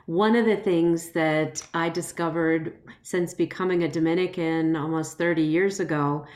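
Low-voiced woman on a video call. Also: fairly even intonation, normal speed, a little mellow. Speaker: panel guest, religious sister. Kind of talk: conversational panel answer.

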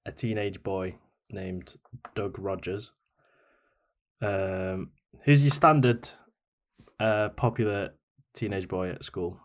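Man, lowish voice, hesitant guest, lots of ums, remote call mic. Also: fairly even intonation, slow. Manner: hesitant, self-conscious, many fillers. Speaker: podcast guest. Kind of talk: casual chat.

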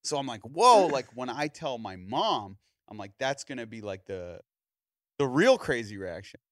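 Male podcast host in his thirties, lively storyteller, wide pitch swings, dry close sound. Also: normal speed, dry recording. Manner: animated storyteller, acts out other people's lines. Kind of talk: casual storytelling chat.

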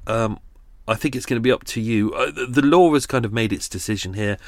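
A man's voice: medium pitch, fairly quick, no room sound. A man hosting a podcast, wrapping up a true-crime episode with casual, rambling chat and quiz questions. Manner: chatty, rambling, with asides and laughs. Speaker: podcast host.

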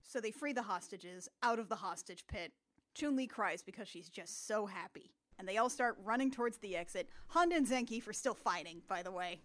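A woman hosting a casual comedic podcast, recapping a film as an animated storyteller who laughs often. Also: mid-range voice, a little fast.

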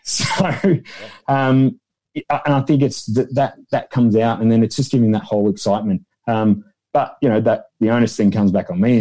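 A man's voice: lowish voice, dark tone. A man, a guest in a casual interview, telling rambling stories and acting out quotes in a raised voice. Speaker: guest, founder of an extras agency.

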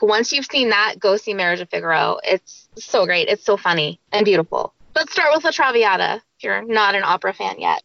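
A woman's voice: mid-range voice, vocal fry, a bit bright, no room sound, dull audio. A woman in a casual book club chat, gushing with enthusiasm.

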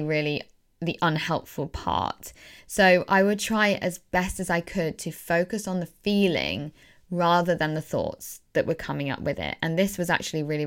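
A woman coach talks through her own podcast in a casual, earnest way. Her voice sits low and comes across smooth and clean, and she repeats words to stress a point. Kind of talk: casual solo podcast talk.

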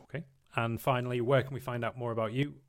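A man's voice: medium pitch, steady tone, quick pace, no room sound, clean studio sound. A man hosting a podcast, asking polite, encouraging questions with a lot of hesitant ums. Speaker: podcast host. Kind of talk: interview questions.

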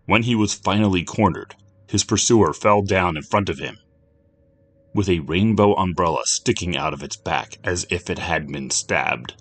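A man giving scripted narration of a dark story in an expressive, storytelling manner. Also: low voice.

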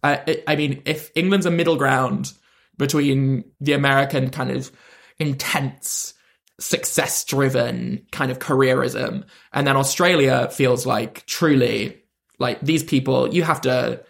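Creaky-voiced young British man. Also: medium pitch, steady tone, measured pace, fairly bright tone. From United Kingdom. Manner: swearing, laughing, self-mocking. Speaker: comedian guest. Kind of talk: casual podcast chat.

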